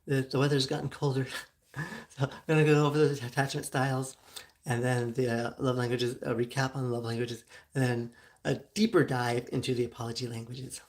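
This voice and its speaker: A woman's voice: very deep voice, little pitch movement, brisk, darkish tone. Woman host, casual solo chat, phlegmy throat, lots of ums and giggles, from Southern California. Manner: chatty, many ums and likes, giggles often. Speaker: show host. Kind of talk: casual solo talk to viewers.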